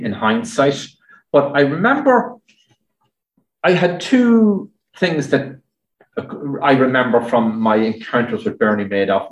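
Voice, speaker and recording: A man with an Irish accent, a journalist answering audience questions in a chatty, anecdotal way with many fillers. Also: medium pitch. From Ireland. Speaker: journalist and speaker. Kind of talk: audience Q&A at a talk. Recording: roomy echo.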